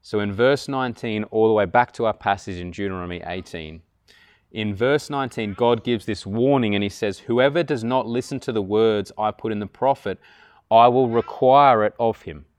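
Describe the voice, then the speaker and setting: A man preaching a sermon in an earnest way, rising to loud, emphatic peaks. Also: fairly low pitch, fairly quick, clean tone, no echo.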